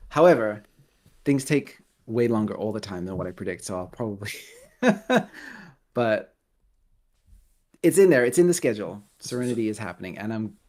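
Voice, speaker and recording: A man's voice: on the low side, expressive, normal speed, long pauses, a little mellow. A man chatting as an interview guest over a video call, rambling, correcting himself and laughing often. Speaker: guest, Lego builder. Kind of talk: casual interview chat.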